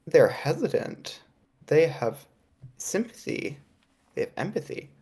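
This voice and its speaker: A woman's voice: very deep voice, lively intonation, slow pace, a little mellow. A woman playing a tabletop game, talking hesitantly with many fillers. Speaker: player. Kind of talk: casual tabletop play.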